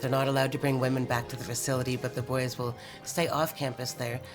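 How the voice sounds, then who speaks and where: A woman's voice: rumbling low, level tone, fast, over music. A woman who once did laundry and tended bar, answering a street interview in a frank, chatty way. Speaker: local former laundry worker and bartender.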